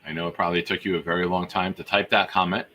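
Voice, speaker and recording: A man hosting a live fan show, reading out gifted memberships to the chat with exuberant hype-man shout-outs. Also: sits low, level tone, rapid-fire, slight background noise.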